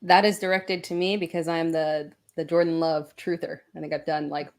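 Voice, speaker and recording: A woman speaks as an analyst on a live sports show, giggling and keeping things playful. Her voice sits a little lower than most women's. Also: little pitch movement, moderate pace. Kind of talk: casual live Q&A chat.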